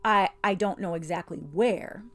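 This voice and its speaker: A woman's voice: fairly low pitch, normal speed, a bit bright. A woman voicing a stout-hearted male marsh-wiggle who answers earnestly, a little short of breath.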